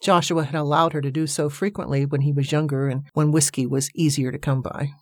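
A woman narrating a novel in a steady storytelling manner. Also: sits low, fairly quick, no room sound, studio quality. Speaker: audiobook narrator. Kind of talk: scripted narration.

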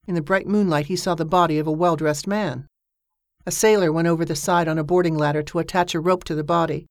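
A woman reading a story aloud as an audiobook narrator, with a steady storytelling manner. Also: fast talker, no echo, studio quality. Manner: steady storytelling voice, lifting pitch for characters' dialogue. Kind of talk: scripted narration.

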